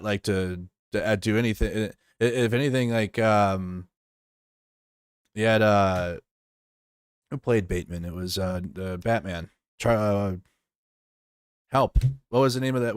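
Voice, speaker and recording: A man talks loosely on a live stream, rambling, restarting and swearing as he reacts. His voice sits somewhat low and smooth, with a dry close sound and no room around it. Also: no room sound. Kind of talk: casual live stream commentary.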